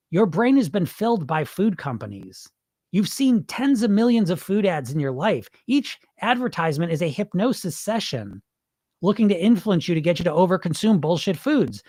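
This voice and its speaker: Man, weight-loss podcast host, blunt, swears, high lively voice. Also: no echo, studio quality. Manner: blunt, profane, animated and emphatic. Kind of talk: unscripted podcast monologue reading listener comments.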